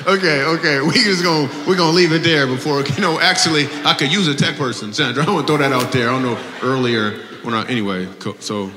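A man's voice: medium pitch, fast talker, hardly any pauses, over music. A man doing live stand-up comedy, teasing audience members and laughing between jokes. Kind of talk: live stand-up crowd work. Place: live show venue. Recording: reverberant live venue with faint ambience.

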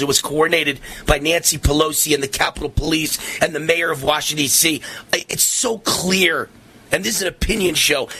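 A middle-aged male talk radio host rants in a fiery, impassioned monologue, often climbing to shouts. His voice sits fairly high and sounds bright and forceful, with a husky, strained edge from all the shouting.

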